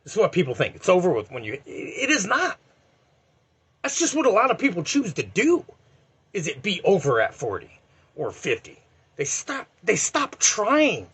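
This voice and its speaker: A man's voice: high-pitched, normal speed, breathy edge. A man in his forties giving a blunt, profane motivational talk in a vlog. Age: 40s. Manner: blunt and profane, animated, heavy swearing. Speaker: eBay reseller.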